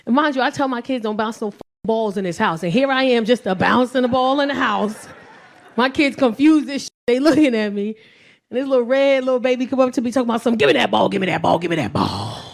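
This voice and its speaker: A woman in her forties doing profane stand-up comedy, telling animated stories with loud shouted bursts. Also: a little high. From Belizean and Nigerian heritage. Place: comedy stage with live audience.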